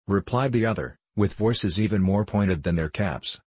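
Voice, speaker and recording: Male audiobook narrator, measured reading, deep husky voice, dry close sound. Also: no echo.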